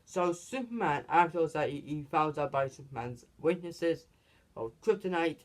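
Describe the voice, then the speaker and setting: Male reviewer, casual and rambling, talks in fits and starts, voice a touch high. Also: animated, moderate pace. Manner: rambling, lots of restarts and "basically". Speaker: movie reviewer. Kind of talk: casual movie recap.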